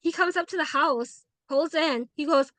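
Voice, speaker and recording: Brief: woman guest, fairly high voice, chatty storyteller who acts out every quote, dry close sound. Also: normal speed, dry recording. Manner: animated, acts out quoted dialogue, frequent "like". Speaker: paranormal investigator, guest. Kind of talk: casual interview storytelling.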